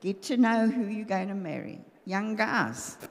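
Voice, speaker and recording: A woman's voice: medium pitch, lively intonation, measured pace, big-room sound, slight background noise. An older woman preaching a sermon with humor, acting out the voices of husbands and wives as she talks about marriage. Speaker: pastor's wife preaching. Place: church hall.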